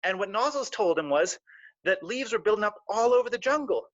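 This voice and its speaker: High-voiced guy telling a kids story on a stream, lots of sound effects, dry dull audio. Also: animated, brisk, no room sound. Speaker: storyteller for children. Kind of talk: children's story on a live stream. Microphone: live stream mic.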